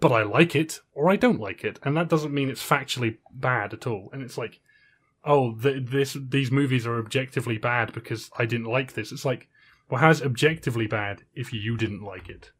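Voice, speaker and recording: Male podcast co-host with a mid-range voice, earnest and steady, argues his case plainly. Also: mid-range voice, moderate pace, husky. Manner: earnest, steady, lays out an argument. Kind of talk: casual chat.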